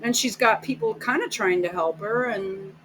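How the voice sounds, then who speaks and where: A woman's voice: medium pitch, moderate pace, fairly bright tone, slight background noise, low-quality recording. A woman giving blunt, sarcastic, profane reaction commentary over video clips as host of her channel.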